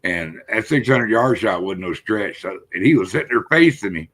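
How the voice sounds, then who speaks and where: A man's voice: lowish voice, animated, moderate pace, a bit bright. An older man from South Texas with a South Texas accent, telling folksy hunting stories in casual chat as a live-stream host.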